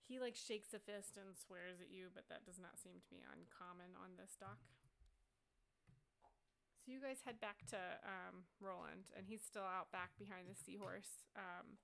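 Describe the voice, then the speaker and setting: A young woman narrating as game master, telling the scene in a lively way and full of "like"s. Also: mid-range voice, gravelly, a little hiss or hum. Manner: lively storytelling, many "like"s, quick character voices.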